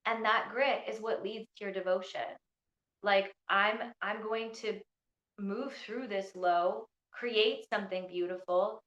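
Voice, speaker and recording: A woman leading an online training through her phone, talking in a bubbly, excitable way with lots of "like.". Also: medium pitch, echoey room, muffled recording. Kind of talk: live online workshop talk. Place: indoors in Scotland during a storm.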